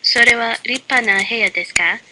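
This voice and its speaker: A woman reading a mock language lesson in a deadpan voice, dropping dry joke asides between the examples. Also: fairly high pitch, fast. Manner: deadpan, flat-voiced delivery. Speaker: lesson narrator. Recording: loud constant background hiss.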